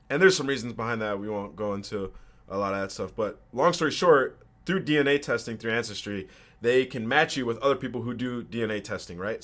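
Excited young man telling a story. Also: mid-range voice. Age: 20s. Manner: excited, swearing, slangy. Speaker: podcast guest. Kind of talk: casual storytelling.

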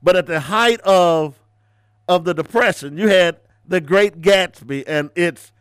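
A man's voice: unhurried, clean tone, dry recording, studio quality. A man hosting a radio talk show, ranting and mocking his listeners in casual commentary. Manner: preachy, ranting, mocking, switches between loud rants and low asides.

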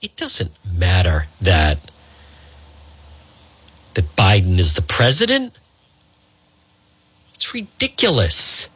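A man's voice: sits low, huge pitch swings, slow pace, long pauses, a bit bright, slightly rough, no room sound. A man hosting talk radio, delivering a combative, exasperated monologue full of rhetorical questions into a studio microphone. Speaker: radio talk show host.

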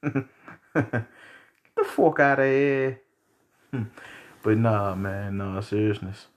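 A man's voice: lowish voice, lively intonation, unhurried. A man putting on the voice of a scoffing, swearing Italian-American tough guy.

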